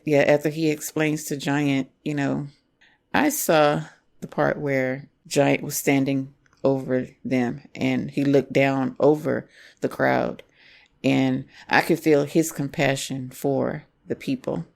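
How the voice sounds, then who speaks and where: Gravelly man musing thoughtfully. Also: mid-range voice, level tone, a little mellow. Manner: reflective, measured, faith-minded. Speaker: podcast co-host. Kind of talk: casual movie review chat.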